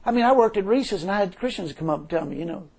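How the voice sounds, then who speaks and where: Husky, lively-voiced man preaching informally. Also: high-pitched, fast talker. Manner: conversational, repeats phrases, chuckles often. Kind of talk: informal sermon with personal testimony.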